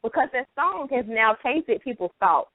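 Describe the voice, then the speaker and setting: A woman hosts a casual chat, her pitch swinging widely as she tells stories and laughs often. Her voice comes through a tinny phone line, dry and close. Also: normal speed, no echo. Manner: laughs often, animated storytelling. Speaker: host. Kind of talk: casual chat on a call-in show.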